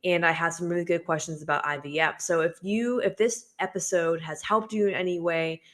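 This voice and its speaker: A woman's voice: lowish voice, fairly even intonation, brisk. A woman co-hosting a casual health podcast, a fitness coach who talks in a chatty way, with lots of ums and likes. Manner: chatty, many ums and likes, laughs easily.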